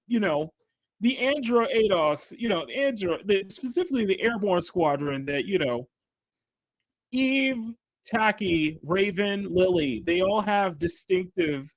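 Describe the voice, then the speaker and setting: Male stream host, loose rambling chat while drawing, slightly high and very animated, dry sound. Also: no echo. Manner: rambling, restarts phrases, laughs often. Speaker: livestream host.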